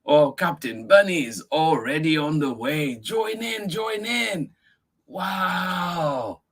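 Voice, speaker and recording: A man's voice: on the high side, lively intonation, slow, a bit bright, a little hiss or hum. A man hosting story time, reading a picture book aloud to children with lots of exclaiming and questions to the kids. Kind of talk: animated read-aloud for kids.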